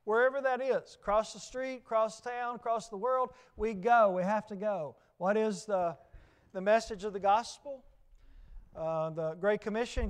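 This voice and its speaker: High-pitched Southern preacher, emphatic. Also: male voice, normal speed. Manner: emphatic preaching with repeated phrases and questions. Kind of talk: sermon.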